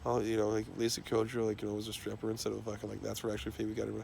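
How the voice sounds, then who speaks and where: A man's voice: fairly low pitch, monotone, racing, creaky, a little mellow, slight background noise. A man talking in a loose, rambling monologue, swearing constantly and trailing off into fillers and restarts.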